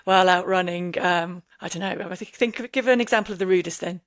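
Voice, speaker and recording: English woman telling lively running stories. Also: on the low side, a little fast. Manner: lively anecdotal storytelling. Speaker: podcast host, runner. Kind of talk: casual chat.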